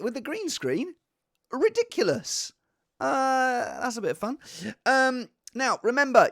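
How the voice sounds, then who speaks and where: A podcast host with an extremely high, fairly bright male voice rambles self-deprecatingly through a casual chat. He sits in front of a green screen on a home set, recorded at studio quality with no echo.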